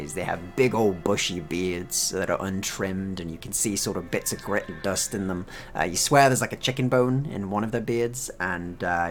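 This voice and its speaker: A man narrating a tabletop game as game master, descriptive and relaxed, with many fillers. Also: deep voice.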